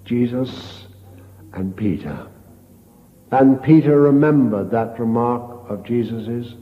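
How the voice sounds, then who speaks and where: An older man, a priest, giving a retreat meditation as a slow, storytelling sermon with hushed quoted lines. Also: medium pitch. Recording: dull lo-fi tape in a reverberant hall.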